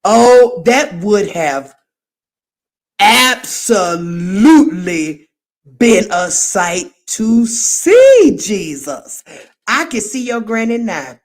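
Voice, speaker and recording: Middle-aged woman, livestream host, casual unhurried chat, playful and quick to laugh at herself. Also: medium pitch, sing-song. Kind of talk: casual chat reacting to viewer comments.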